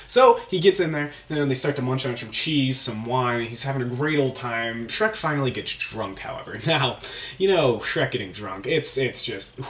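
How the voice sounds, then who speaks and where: A man's voice: medium pitch, expressive, a little fast, fairly bright tone. Rambling man telling an improvised story. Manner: rambling, chuckling, self-mocking. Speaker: host. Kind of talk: improvised comic storytelling vlog. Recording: roomy, distant mic, faint hum.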